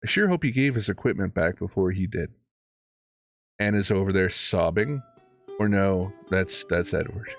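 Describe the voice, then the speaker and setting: A man's voice: sits low, moderate pace, soft background music. A man streaming a game, reading dialogue aloud and adding wry, joking asides. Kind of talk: casual gameplay commentary.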